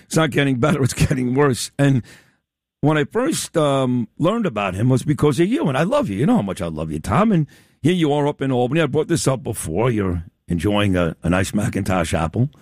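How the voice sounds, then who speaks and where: A man's voice: big pitch swings, a little fast, a little mellow, no room sound, studio quality. A man hosting a radio interview, talking emphatically and teasingly to his guest. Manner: emphatic, sweeping pitch swings, teasing. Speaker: radio host. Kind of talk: opinionated talk radio interview.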